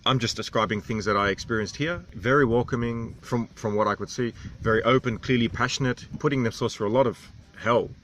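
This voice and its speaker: A man's voice: mid-range voice, a little fast, hardly any pauses, fairly bright tone, slight background noise. An Australian man in his thirties, telling stories in a rambling, candid vlog. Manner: rambling, candid, self-deprecating. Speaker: vlogger. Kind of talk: casual vlog storytelling.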